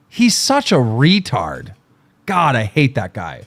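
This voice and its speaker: A man's voice: mid-range voice, huge pitch swings, takes it slowly, a bit bright. A middle-aged man hosting a livestream, ranting in an angry, mocking, profane way. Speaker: livestream host.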